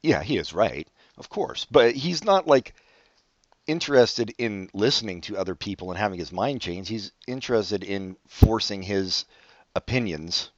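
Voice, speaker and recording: A man with a lowish voice co-hosts a casual podcast, wry and loose, swearing freely and restarting sentences as he goes. The sound is dry and close, a little dull in the top end. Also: lively intonation, normal speed, no echo. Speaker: podcast co-host.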